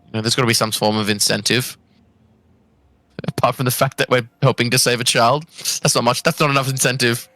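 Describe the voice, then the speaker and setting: A man's voice: medium pitch, fairly even intonation, brisk, bright, forceful tone, dry recording. An Australian man playing a tabletop game, joking and laughing often as he talks in character. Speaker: player.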